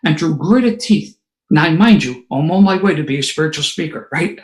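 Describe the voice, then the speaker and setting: A man, telling a personal story to a recovery meeting with lively, sarcastic asides. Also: fairly high pitch, normal speed, rough recording. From Philadelphia area.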